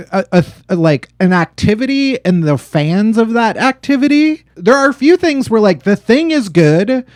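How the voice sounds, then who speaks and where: A man hosting a comedy podcast, talking in a chatty, animated way and laughing often. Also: sits high, no room sound. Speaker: podcast host. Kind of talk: casual comedic podcast monologue.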